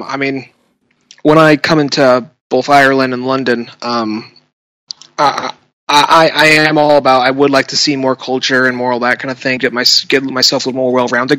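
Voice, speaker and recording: A man's voice: medium pitch, bright, forceful tone, no room sound, poor audio. A man co-hosting a podcast in casual chat, rambling loosely and laughing often. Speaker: podcast co-host.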